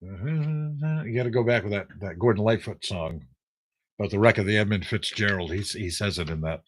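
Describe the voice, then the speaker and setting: An older American man with a fairly low voice, speaking at normal speed, hosts a live trivia stream. He casually reads out viewer names and answers, teasing them with sarcastic banter.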